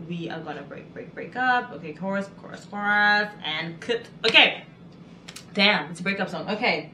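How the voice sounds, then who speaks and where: Bright-voiced chatty woman reacting. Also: medium pitch, moderate pace, slight background noise. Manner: excitable, chatty, exclaiming. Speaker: reaction video host. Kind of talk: casual music video reaction. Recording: echoey room with music behind.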